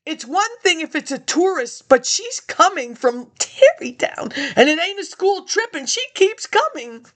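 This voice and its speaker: A high-pitched woman talks casually to her viewers in a loose, rambling monologue. She skips from one thought to the next and chuckles at her own remarks. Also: sing-song, a little slow, a bit bright. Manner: chatty, jumps between topics, chuckles to herself.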